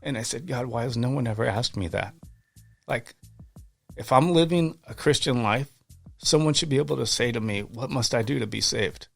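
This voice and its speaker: A man with a medium pitch and vocal fry speaks at normal speed against soft background music. Appearing as a podcast guest, he tells faith stories fervently and earnestly, frequently restarting and repeating words.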